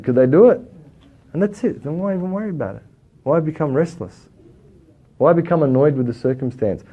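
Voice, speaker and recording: A man with an Australian accent teaching a religious lesson, lively and full of rhetorical questions, rising loud then dropping quiet. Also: medium pitch, fast talker. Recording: dull lo-fi recording.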